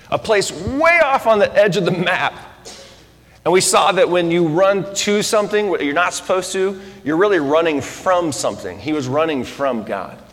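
A man's voice: fairly high pitch, fairly bright tone. Preaching man in a reverberant hall. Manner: joking storyteller turning earnest preacher. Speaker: pastor. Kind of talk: sermon. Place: air-conditioned church hall.

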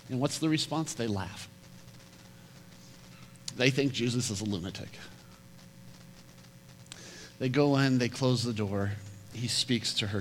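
A man preaching a sermon, retelling a Bible story with lively acted-out quotes and frequent repeated words. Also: high voice, moderate pace. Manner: animated storytelling, acting out quoted voices, often repeats words. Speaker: pastor. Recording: hall reverb with faint hum.

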